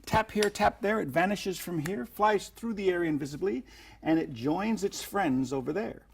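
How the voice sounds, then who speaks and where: A man's voice: high-pitched, moderate pace, gravelly, heavy background noise. A man teaching sleight-of-hand magic tricks in a chatty, playful way, slipping into showman patter as he demonstrates. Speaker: magic instructor.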